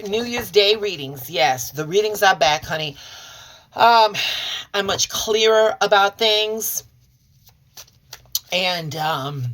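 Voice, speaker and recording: A woman from Chicago hosting a tarot reading channel, talking casually and warmly to her viewers and calling them y'all and honey. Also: deep voice, slight background noise. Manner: folksy and chatty, calls listeners y'all and honey; warm and sincere toward viewers. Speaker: tarot and oracle reader, channel host. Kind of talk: casual direct-to-camera chat.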